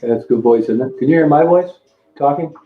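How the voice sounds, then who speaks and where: A man's voice: fairly high pitch, brisk. An older man hosting a casual livestream, rambling and greeting viewers by name between remarks. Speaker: livestream host. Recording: tinny phone-like sound in an echoey room, faint music.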